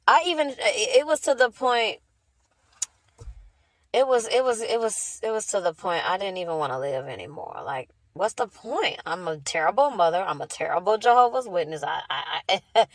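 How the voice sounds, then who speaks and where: A woman's voice: a little high, no echo. A young adult woman and mother in an emotional personal rant, rambling and repeating herself. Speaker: mother of two.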